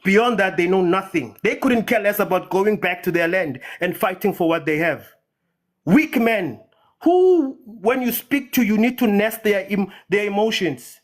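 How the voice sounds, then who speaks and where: A man's voice: high voice, animated, a little slow. A man from Nigeria ranting passionately in a heated live audio-room debate, repeating words for emphasis. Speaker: debate participant.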